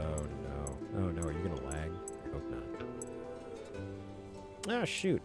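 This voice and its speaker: A man streaming video games, chatting casually and mocking himself while he mutters at his software. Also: rumbling low, very animated, normal speed, pauses often, over loud music. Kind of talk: casual game stream chat.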